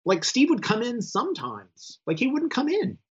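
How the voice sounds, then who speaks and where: A man's voice: very high voice, huge pitch swings, moderate pace, husky. A man being interviewed who candidly recalls his frustration with a colleague. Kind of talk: oral-history interview recollection. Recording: somewhat dull, lo-fi audio.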